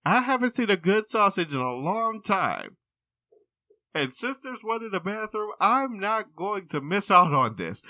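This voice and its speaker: A man's voice: big pitch swings, unhurried, pushed and bright, no echo, exaggerated voice. Man doing a brazen cheeky old lady. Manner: cheeky, shameless, high cracking voice.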